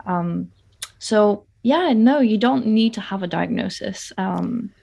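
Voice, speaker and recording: Gravelly-voiced woman coach, thoughtful. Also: medium pitch, slow pace, warm tone. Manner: thoughtful, explains with hesitations. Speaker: ADHD coach, guest. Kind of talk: casual conversation.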